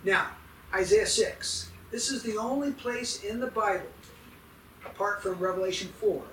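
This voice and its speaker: A man's voice: high-pitched, unhurried, a bit bright, echoey room, distant mic, a little hiss or hum, rough recording. A man preaching a sermon as pastor, emphatic and putting questions to his congregation.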